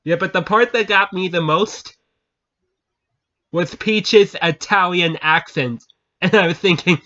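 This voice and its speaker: Man, slow unhurried delivery, keeps cracking up laughing, casual vlog storytelling, muffled lo-fi audio. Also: high-pitched, pushed and bright. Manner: keeps breaking into laughter, repeats himself. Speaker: channel host. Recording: dull lo-fi recording.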